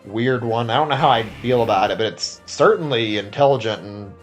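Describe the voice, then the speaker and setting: A man's voice: mid-range voice, a little fast, faint music behind. A tired man streaming a video game, chatting casually and rambling with many filler words and restarts. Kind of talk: casual live-stream chat.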